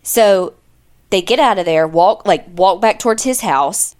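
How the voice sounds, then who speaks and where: A woman recounting a crime case in relaxed conversational podcast talk. She keeps the story moving with quoted lines and offhand asides, and her pitch sits in an ordinary middle range. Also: a little slow, smooth. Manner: chatty, retells events with quoted dialogue and asides. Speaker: podcast co-host. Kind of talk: casual true-crime storytelling.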